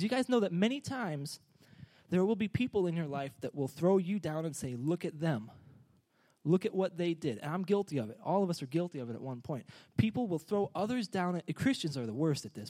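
A man preaching a sermon, energetic and joking, urging the congregation to answer back. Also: sits high.

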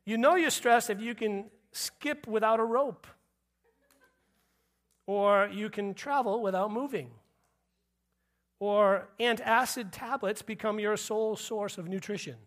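A man's voice: high voice, measured pace, pauses often, fairly bright tone. A man preaching a sermon as pastor, joking with the congregation and repeating punchlines. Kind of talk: sermon with humor.

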